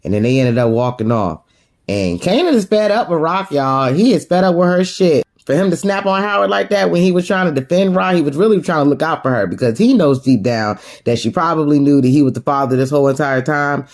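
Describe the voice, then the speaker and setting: Animated, slangy woman recapping TV. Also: low-pitched, a little fast. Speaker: TV recap vlogger. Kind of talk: casual episode recap.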